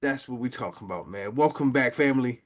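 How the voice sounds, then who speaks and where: A man hosting a casual football chat, excitable and quick to laugh. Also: mid-range voice. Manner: lively, excitable, laughs often. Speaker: podcast host.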